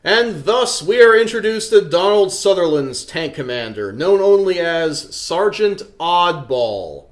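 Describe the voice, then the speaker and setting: A man's voice: sits high, sing-song, measured pace, hardly any pauses. A man hosting a comedic movie review show, with a sarcastic, snarky delivery.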